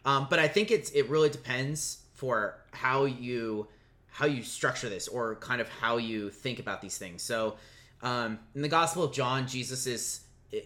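A man who is a pastor, talking through questions of faith in a relaxed podcast chat and often checking in with "right?". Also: medium pitch. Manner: thoughtful, explaining scripture with many fillers and restarts, "right?" checks.

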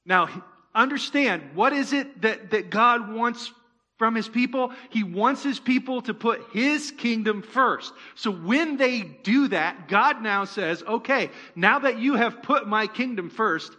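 In an unhurried, conversational sermon, a male pastor addresses his church congregation with a high, bright voice and lively intonation. Rhetorical questions and playful asides run throughout.

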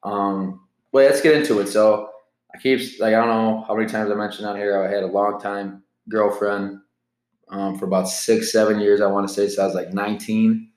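A man's voice: lowish voice, little pitch movement, normal speed, a little mellow, roomy sound, rough recording. A man in his twenties hosting a solo podcast, talking in a rambling, candid, profane way, jittery from caffeine. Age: 20s. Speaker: podcast host. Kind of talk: casual solo podcast monologue.

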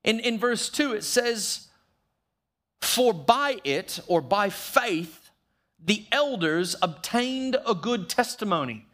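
A man with a notably high voice preaches with conviction, leaning hard on key words and drawing them out slowly. Now and then he drops lower to act out a short quoted prayer. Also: animated, a bit bright. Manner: emphatic preaching, slowing down to stress key phrases. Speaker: pastor. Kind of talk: sermon.

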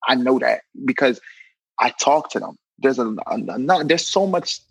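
A man who works as a correction officer, telling stories in a casual, animated way and acting out the voices of the people in them. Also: medium pitch, unhurried, vocal fry, slightly rough, dry recording, low-quality recording. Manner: animated, acts out quoted voices, fills with "you know what I mean". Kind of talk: casual storytelling in an interview.

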